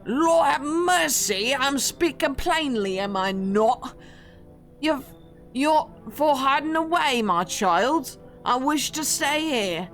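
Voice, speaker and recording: A woman's voice: high voice, expressive, slow, a bit bright, soft background music, pitched above the performer's own voice, exaggerated voice. A woman voicing a haughty male priest who speaks in a formal, condescending way, in a video game. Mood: pompous.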